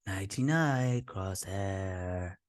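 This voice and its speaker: A man briefly imitating a creepy, calm male doctor in a soft, quietly menacing voice. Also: deep voice, very slow, no room sound, studio quality, voice pushed down.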